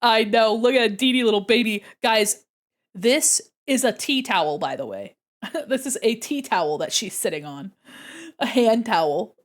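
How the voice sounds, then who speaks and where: A young adult woman chatting casually on her art livestream, excitable and gushing, giggling often. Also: on the high side, moderate pace. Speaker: art streamer.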